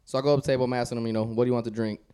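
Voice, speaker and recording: A man's voice: medium pitch, very fast, clear, resonant tone. Laughing man telling a story. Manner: animated, laughs through his story. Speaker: guest on a podcast. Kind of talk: casual storytelling chat.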